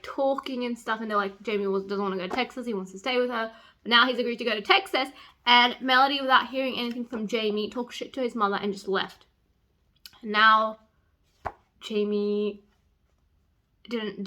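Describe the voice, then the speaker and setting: Excitable young woman, bright voice. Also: fairly high pitch. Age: young adult. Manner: excitable, swears freely, sudden loud outbursts and soft whispers. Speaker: book vlogger. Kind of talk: casual reading vlog.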